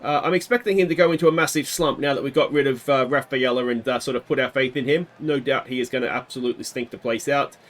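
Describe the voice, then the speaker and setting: A man giving casual play-by-play commentary on a baseball video game he is playing, with bursts of excitement on big hits. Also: mid-range voice, fast, hardly any pauses. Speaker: gaming video host.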